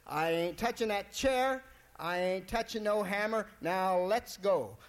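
A man voicing a horned male devil with a gruff, commanding folksy way of talking. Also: high voice, unhurried. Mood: menacing. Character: horned male devil, menacing then pleading.

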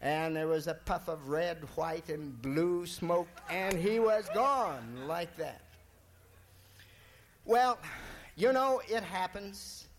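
A man telling a folk tale in a drawling, folksy, relaxed way. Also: on the high side, takes it slowly, a little hiss or hum. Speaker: storyteller.

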